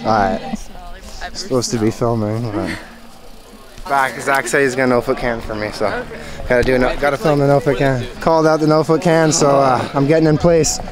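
A man's voice: medium pitch, fairly even intonation, normal speed, a crowd in the background. A man at an outdoor dirt jump spot, filming and joking with friends, cheering them on. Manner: hyped, joking, cheering others on. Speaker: BMX rider filming the session. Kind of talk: casual banter with friends.

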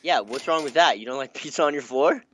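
A man's voice: mid-range voice, fairly bright tone, a little hiss or hum. A young man bantering and teasing his friend during a casual let's-play, laughing often. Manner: teasing, playful, quick to laugh. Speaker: guest gaming partner.

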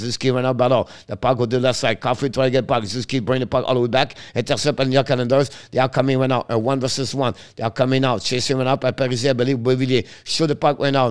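Male hockey commentator, smooth voice, choppy English, rapid live play-by-play. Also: mid-range voice. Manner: halting non-native English, rapid call of the action; chats with viewers between plays.

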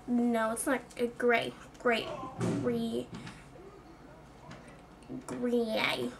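A woman's voice: high-pitched, gravelly, slight background noise. A young woman chatting casually in a clothing haul video, full of "like" and self-mocking asides. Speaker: vlogger.

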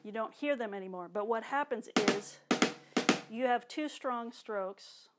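A woman with a higher-leaning voice talks a little slowly through a drum lesson while loud drumming plays behind her. Clear and patient, she demonstrates the technique and sometimes vocalizes the strokes.

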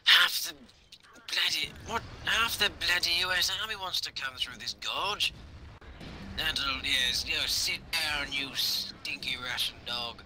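A man's voice: on the high side, unhurried, sharp tone, a little hiss or hum. A man commentating a tank game in a hammy mock-posh officer manner, swearing often. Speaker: gaming commentator. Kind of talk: mock-posh gameplay banter.

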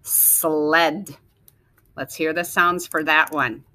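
A woman teacher slowly sounding out letters and words for young children in a phonics lesson. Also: low-pitched, steady tone, bright, forceful tone, dry recording. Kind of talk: early-reading phonics lesson.

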